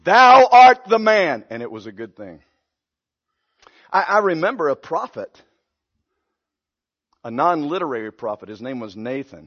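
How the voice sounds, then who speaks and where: A man preaching a sermon, retelling a Bible story with lively acted-out voices and sudden swings between loud and hushed. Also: medium pitch, dull audio.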